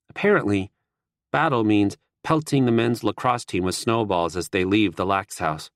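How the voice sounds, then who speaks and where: A man narrating a first-person audiobook in a steady, wry manner. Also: on the low side, moderate pace, no echo, clean studio sound.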